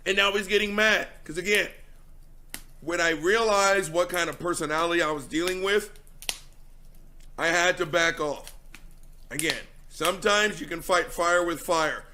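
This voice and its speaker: Male host, high bright voice, blunt and profane commentary over a clip. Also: measured pace, slight background noise. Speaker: show host reacting to a past call.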